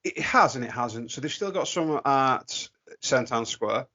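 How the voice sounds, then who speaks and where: A man's voice: medium pitch, measured pace, dull audio. A man, co-hosting a podcast in upbeat, teasing casual chat. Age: 30s. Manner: upbeat, teasing, lively intros. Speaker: podcast co-host.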